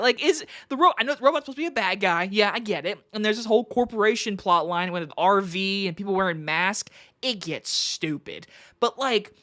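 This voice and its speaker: A woman's voice: fairly high pitch, fairly bright tone. A woman giving a casual, profane movie review in an exasperated, emphatic rant.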